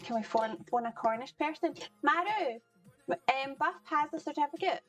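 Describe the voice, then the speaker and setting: A fairly high-pitched woman chats easily with her viewers during a live cooking stream at home, greeting people by name and laughing often. Faint music plays softly behind her. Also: expressive, normal speed, poor audio. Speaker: livestream cooking host. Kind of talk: casual chat with viewers while cooking. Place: home kitchen.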